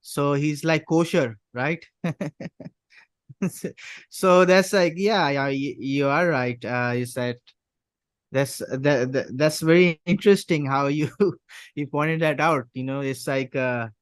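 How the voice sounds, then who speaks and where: A man appearing as a guest on a podcast, his voice smooth and resonant and pitched a little high. He talks in a hesitant, casual way, often pausing and restarting as he searches for words. The sound is dry, with no room echo. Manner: hesitant, many fillers and restarts. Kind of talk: casual discussion.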